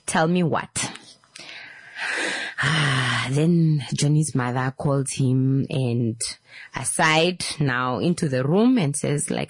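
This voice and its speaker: Woman telling a lively story. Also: deep voice, slow, slightly rough, no echo. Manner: animated, slangy, acting out voices. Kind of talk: storytime vlog.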